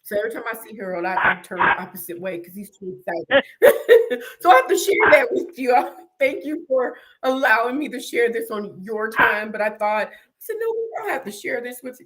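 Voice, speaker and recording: A middle-aged woman hosting a chat tells her stories with big energy. She laughs through them and acts out her own cries. Her voice sits a little high. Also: moderate pace. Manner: lively storyteller, laughs often, acts out her own screams. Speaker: host. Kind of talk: casual interview chat, animated storytelling.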